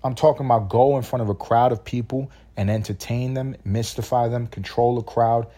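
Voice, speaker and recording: A man hosting a solo podcast from his bed, ranting in a rambling, profane, animated way. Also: fairly low pitch. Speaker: podcast host. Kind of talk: solo casual podcast rant.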